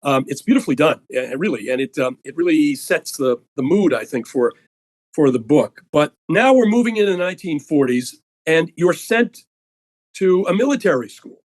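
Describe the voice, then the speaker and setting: A man hosting an interview, speaking in a halting way with many fillers. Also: fairly high pitch, animated, rough recording. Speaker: interview host. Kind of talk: conversational interview.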